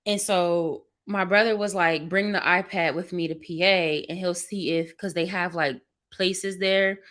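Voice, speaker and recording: A woman's voice: lowish voice, steady tone, measured pace, a bit bright. A young woman hosting a livestream from her bedroom, talking candidly and emotionally to her viewers about feeling tired and overwhelmed with a baby. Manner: candid, rambling, emotional venting. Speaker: livestream vlogger. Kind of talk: casual chat to viewers. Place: bedroom at home.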